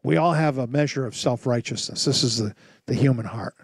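A man preaching a sermon as pastor, telling stories with lively acted-out voices and asking rhetorical questions. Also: mid-range voice, brisk, slightly rough, no echo. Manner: animated storytelling with rhetorical questions; acts out voices and sounds in his stories.

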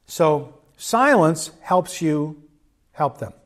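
Middle-aged guy giving a sermon, kinda high voice, calm and earnest, does little quoted bits. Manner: measured, earnest, with quoted asides. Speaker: pastor.

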